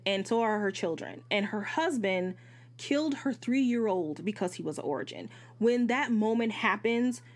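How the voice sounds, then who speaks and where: A woman hosting a podcast, giving a casual, candid book review. She swears freely and often jumps into asides and corrects herself. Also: medium pitch. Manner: animated, jumps between asides and self-corrections. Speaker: podcast host reviewing books.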